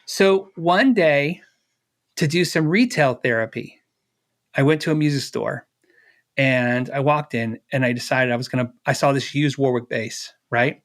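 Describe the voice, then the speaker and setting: A man's voice: mid-range voice, measured pace, a bit bright. A middle-aged man, a guest on an interview, telling a personal story casually, acting out the dialogue with fillers and laughs.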